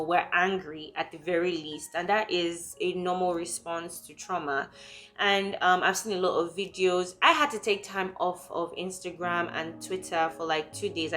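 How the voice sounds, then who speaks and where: A young woman from Nigeria, talking candidly and emotionally in a personal vlog, quick and full of fillers. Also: on the low side, a bit bright. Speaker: vlogger.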